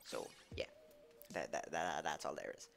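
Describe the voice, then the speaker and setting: Excitable Québécois man streaming games. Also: a bass voice, creaky, faint music behind. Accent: Québécois French. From Quebec, Canada. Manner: excitable, laughs often, quick reactions. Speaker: game streamer. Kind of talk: live gameplay commentary, reading chat aloud.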